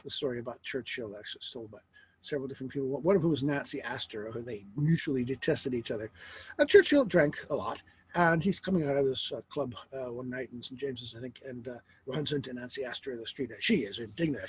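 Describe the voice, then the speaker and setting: A middle-aged man teaching a philosophy lecture in a wry, lively way, asking rhetorical questions. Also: medium pitch, quick pace, a little hiss or hum, poor audio.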